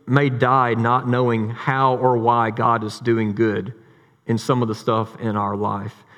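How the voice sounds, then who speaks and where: A man preaching a sermon as a pastor, talking in a conversational way and telling stories with lively, repeated words. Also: medium pitch. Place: church sanctuary. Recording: long hall reverb.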